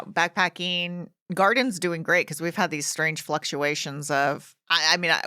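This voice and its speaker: A woman's voice: deep voice, sharp tone, dry recording, clean studio sound. A woman hosting a gardening podcast, chatting in a rambling, casual way with frequent restarts. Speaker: garden show host.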